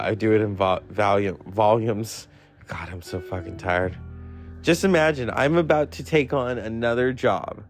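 A man in his forties talking in a rambling solo monologue, swearing and mocking himself, jumping high when he quotes himself. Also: gravelly. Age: 40s. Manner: swearing, self-mocking, jumps between topics.

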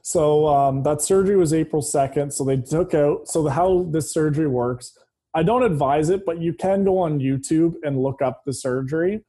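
Male guest, casual chat; mellow, slightly high voice; candid with dry humor. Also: moderate pace. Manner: open, candid, matter-of-fact with dark humor. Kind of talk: casual conversation.

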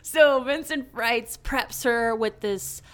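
Chatty woman retelling a comic. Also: on the high side. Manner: animated, puts on quick character voices; chatty, lots of fillers and restarts. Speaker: podcast co-host recapping a comic. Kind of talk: casual chat.

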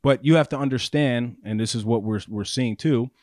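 A man co-hosting a casual podcast, telling stories with lively put-on voices for the people he quotes. His voice sits in a middle register and comes through a dry, close mic with no room sound. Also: mid-range voice, moderate pace, no room sound. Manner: animated storyteller, acts out quoted voices. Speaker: podcast co-host. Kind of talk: casual chat.

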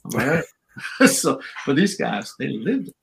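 A man's voice: medium pitch, big pitch swings, a little slow, vocal fry, fairly bright tone, a little hiss or hum, poor audio. An older man, a guest in an interview, telling stories in a chatty way, laughing often and acting out what people said. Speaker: guest, former wrestler and referee. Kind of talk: casual interview storytelling.

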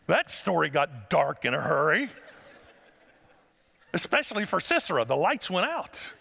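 A male pastor, preaching a sermon and telling stories, sometimes acting out voices in a high falsetto. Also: sing-song, measured pace, vocal fry, pushed and bright, slightly rough. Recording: long hall reverb.

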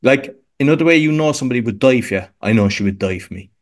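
A man's voice: mid-range voice, expressive, quick pace. An Irish man, a podcast coach, chatting casually as an interview guest, rambling with lots of restarts and fillers. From Ireland. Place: home podcast room.

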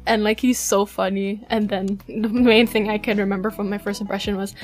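A woman's voice: medium pitch, flat delivery, a little fast, darkish tone, soft background music. A young woman from Malaysia co-hosting a podcast, chatting casually and gushing as a fan, with frequent giggles. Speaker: podcast co-host. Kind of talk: casual chat.

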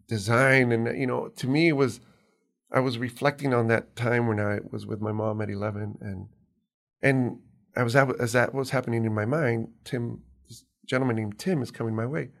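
Soft-spoken man with a gravelly voice. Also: medium pitch, fairly even intonation, normal speed. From immigrant to New York. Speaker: guest. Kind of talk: conversational storytelling.

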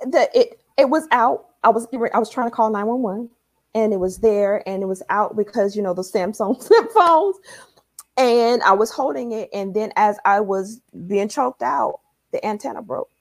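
Woman, faith testimony, emphatic, fairly high pitch, dry close recording. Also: lively intonation, normal speed, no room sound. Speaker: guest sharing a testimony.

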